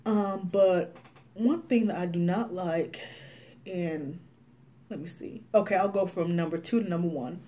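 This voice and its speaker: A young woman vlogs to camera in a lowish, unhurried voice, ranting casually. She's animated, laughs a lot, and fills her speech with fillers, in the style of a beauty vlogger.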